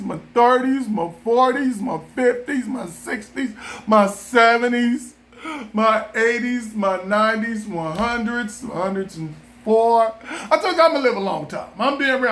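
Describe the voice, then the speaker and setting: Male vlogger from Southern California, high-pitched and unhurried, loose comic riffing style. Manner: animated, joking, repeats himself. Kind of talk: casual rambling monologue.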